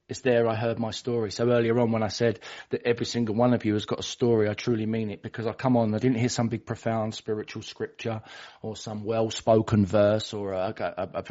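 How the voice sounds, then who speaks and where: A man's voice: on the low side, a little mellow. Guy sharing his recovery story over a call, candid, keeps restarting, a bit muffled. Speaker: recovery meeting speaker. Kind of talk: personal recovery share. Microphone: online meeting call.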